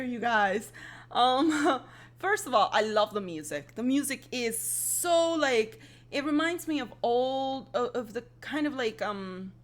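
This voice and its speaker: Slow-talking excitable woman reacting. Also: mid-range voice. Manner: excitable, swears freely, rambling with fillers. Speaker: reaction video host. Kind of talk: casual reaction commentary.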